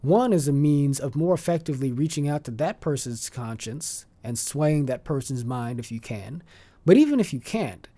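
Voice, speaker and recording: A man speaking as a podcast guest, measured and articulate in long flowing sentences, now and then restarting a phrase as he searches for words. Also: mid-range voice, lively intonation, mellow. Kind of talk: conversational interview.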